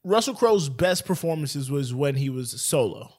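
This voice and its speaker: A man co-hosting a casual podcast chat, animated and laughing often. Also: medium pitch, normal speed, slightly rough. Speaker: podcast co-host.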